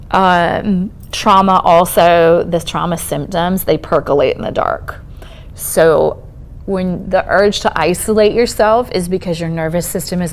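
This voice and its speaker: Woman, low pitched, gravelly, talking to an audience, reassuring tone, light background noise. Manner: conversational, reassuring, frequent "um" and "okay?" check-ins. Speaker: speaker on trauma and resilience, therapist. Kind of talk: conference talk to an audience. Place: lecture room at a college event.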